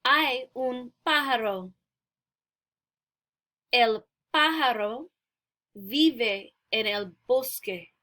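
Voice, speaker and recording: Patient language teacher, woman, unhurried and bright-toned, reads and explains a simple story. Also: fairly high pitch. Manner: slow, patient, explains word by word. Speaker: Spanish teacher. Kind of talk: reading a beginner story aloud and explaining it.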